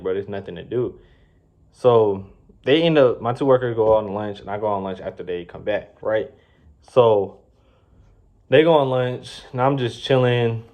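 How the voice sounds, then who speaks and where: A man in his twenties tells a casual, slangy storytime vlog full of swearing and rambling asides. His voice is on the low side, and the audio sounds dull.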